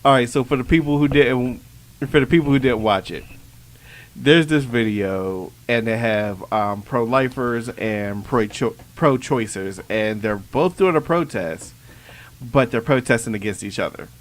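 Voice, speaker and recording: A man's voice: mid-range voice, a little slow. A man co-hosting a podcast in casual chat, explaining a clip for listeners. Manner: chatty, explains for listeners, laughs often. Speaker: podcast co-host.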